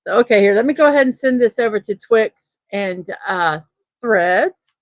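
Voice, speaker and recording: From a room at home where a fan is running, a woman hosts her casual daily morning livestream, chatty and easily distracted as she greets chatters one by one. Her medium-pitched voice is expressive and at normal speed, with no room sound and the highs cut off.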